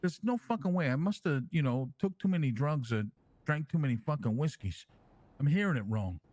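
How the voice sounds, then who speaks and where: Male player as a swaggering, foul-mouthed mob king; rambling, animated talker, slightly high voice, dry sound. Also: a little fast, dry recording. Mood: boastful. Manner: rambling storyteller, swears constantly, lively and animated. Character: brash crime-family man calling himself king, crude. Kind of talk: online role-play in character.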